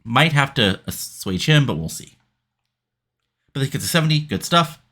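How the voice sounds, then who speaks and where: A man's voice: mid-range voice, animated, normal speed, fairly bright tone. A man giving casual let's-play commentary on a wrestling sim, rambling with many fillers. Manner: rambling, filler-heavy recapping. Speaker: game commentator.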